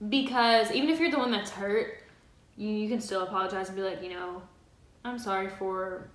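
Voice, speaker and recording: A woman co-hosting a casual advice chat with her partner, talking freely with lots of "like" and quick laughs. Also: mid-range voice, steady tone, roomy sound. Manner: chatty, laughs easily, filler 'like'. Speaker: co-host of a couple's channel.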